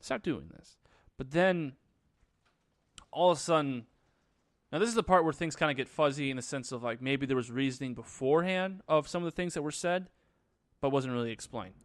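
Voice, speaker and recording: A man's voice: on the high side, a little fast, pauses often, no echo, studio quality. A young man reviewing a movie in a casual vlog, sarcastic, crude and rambling as he retells the plot.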